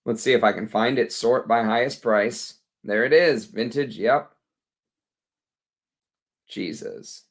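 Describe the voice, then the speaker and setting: A man's voice: medium pitch, takes it slowly, pauses often. Tired Texan man chatting on a livestream. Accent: Texas. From Texas. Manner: chatty, blunt, reads out chat comments. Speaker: fragrance livestream host. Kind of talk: casual livestream chat.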